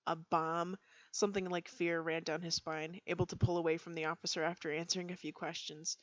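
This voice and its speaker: A lower-voiced woman reads community stories aloud in a relaxed stream, giggling often between passages. Her sound is dry and a little dull, as from a plain home mic. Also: fairly quick, no echo. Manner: giggly, breaks into laughter. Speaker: streamer reading community roleplay posts. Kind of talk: casual read-aloud storytelling.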